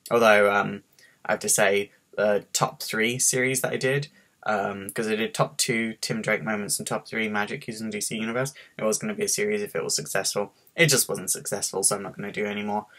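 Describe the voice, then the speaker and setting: A man's voice: fairly low pitch, a bit bright. Stressed, rambling man with a faint Scottish accent. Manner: stressed, rambling storytelling full of fillers. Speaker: vlogger. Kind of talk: casual webcam vlog. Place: at home. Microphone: webcam.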